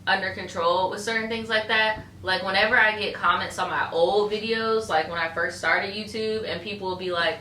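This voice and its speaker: A woman's voice: mid-range voice, fairly even intonation, normal speed, few pauses, pushed and bright. A young adult woman co-hosting a casual podcast, talking bluntly and swearing freely. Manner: blunt, profane, mimics people in a breathy sympathetic voice. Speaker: podcast co-host. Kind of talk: casual chat. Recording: echoey room, faint background noise.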